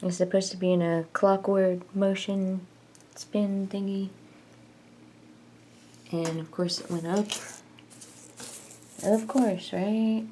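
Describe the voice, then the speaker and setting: Slow-talking woman vlogging, casual and rambling. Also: mid-range voice, fairly even intonation, warm tone, a little hiss or hum. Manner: rambling and self-mocking, jokey. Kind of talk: casual chat.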